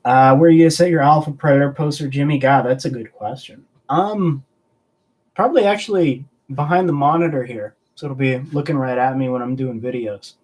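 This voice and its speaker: A man's voice: mid-range voice, moderate pace, darkish tone. A man hosting a casual live stream, joking around and answering viewer chat in a rambling way. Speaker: host of a collectibles live stream.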